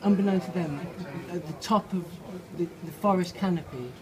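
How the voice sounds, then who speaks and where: A slightly drunk man reading his own story aloud outside a pub, halting and playful, with restarts and swearing. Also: high-pitched, crowd noise. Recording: noisy outdoor pub ambience.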